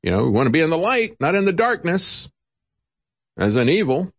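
With a fairly high, sing-song voice and a brisk delivery, this political commentary host mocks and sarcastically jabs in an opinionated, radio-like style. He chuckles often and fills gaps with many "uh"s.

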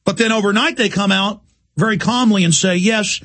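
A man's voice: high-pitched, a little fast, a bit bright. A man hosting a talk show, delivering an urgent, impassioned monologue.

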